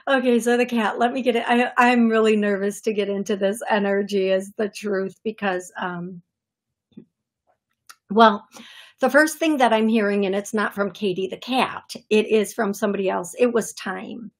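A woman hosting a live call-in radio show as a psychic medium, chatty and quick to laugh when nervous. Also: mid-range voice.

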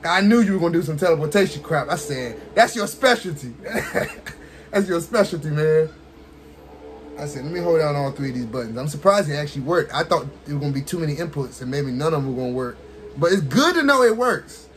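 A man casually commentating his own fighting game match, excitable, talking to the characters on screen and laughing often. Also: fairly high pitch, fast. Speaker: gaming streamer.

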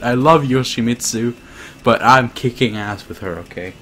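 A man streaming himself playing a fighting game, chatting casually, swearing and laughing, with bursts of excited shouting. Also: mid-range voice, normal speed. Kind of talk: casual gameplay commentary.

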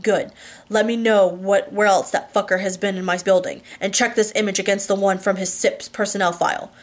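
A woman's voice: mid-range voice, fairly even intonation, a little fast, close to an everyday voice. Woman doing a curt, murmuring rich businessman. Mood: curt, teasing.

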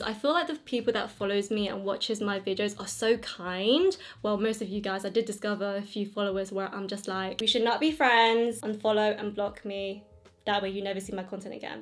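A young woman talking through her makeup routine in a chatty vlog, stressing points by repeating herself. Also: a little high. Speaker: beauty vlogger.

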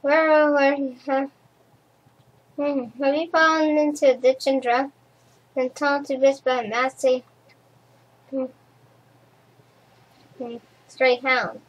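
A worried mother bear from a children's storybook calls out for her lost cubs, halting and anxious, as a woman reads her lines. The voice is high and slow. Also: level tone, rough recording. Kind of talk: reading a children's storybook aloud.

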